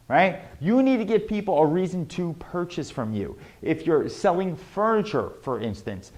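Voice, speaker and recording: A man giving a motivational sales lesson, emphatic and animated, repeating key words for stress. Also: fairly high pitch, normal speed, hardly any pauses. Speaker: sales trainer.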